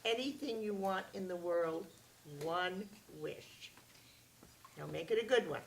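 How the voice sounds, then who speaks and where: A woman voicing a small magical man who grants wishes, speaking calmly and instructively. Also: on the low side, measured pace, vocal fry, distant mic, a little hiss or hum, low-quality recording. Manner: calm, instructive.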